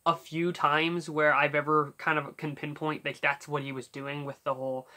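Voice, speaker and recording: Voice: medium pitch, steady tone, normal speed, few pauses, pushed and bright. A YouTuber casually explaining how to do cartoon voice impressions, rambling and full of fillers as they think aloud. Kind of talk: casual tutorial talk.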